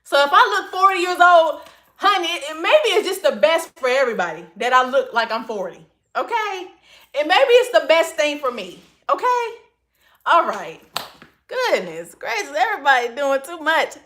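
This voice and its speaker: This livestream host talks at a normal speed in a high, sing-song voice with a fairly bright tone. She broadcasts casually from her phone, reading comments and firing back sassy replies while calling everyone honey.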